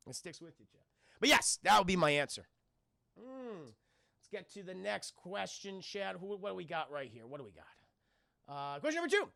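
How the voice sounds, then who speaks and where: A man's voice: high-pitched, sing-song, moderate pace, gravelly, pushed and bright. A young man with a New York accent chatting casually on a livestream, rambling and swearing as he talks to his chat. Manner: rambling, profane, addresses chat constantly. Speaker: streamer answering viewer questions.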